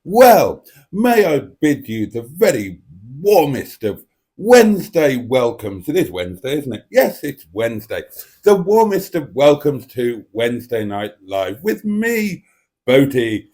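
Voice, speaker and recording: A man's voice: mid-range voice, very animated, a little slow, a little mellow. Rambling man hosting a livestream. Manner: rambling, self-mocking, theatrical. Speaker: livestream host. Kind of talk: casual live stream chat. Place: home dining room. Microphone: desk microphone.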